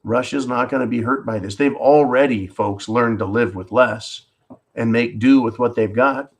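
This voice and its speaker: A man's voice: medium pitch, normal speed. Blunt, profane ranting man. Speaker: livestream host. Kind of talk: ranting political commentary.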